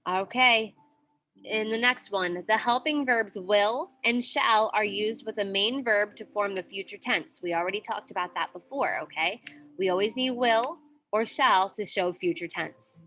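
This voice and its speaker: Lady teacher going over grammar in class, bright clear voice, patient, keeps asking okay?. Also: mid-range voice, unhurried. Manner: patient, repeats with frequent "okay?" checks.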